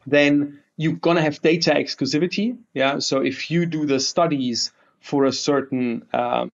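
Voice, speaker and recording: A man, a guest investor, talking with energetic optimism and slightly non-native phrasing, heard over a video call. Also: on the high side, a little slow, vocal fry. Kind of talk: enthusiastic interview talk. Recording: dull lo-fi remote audio.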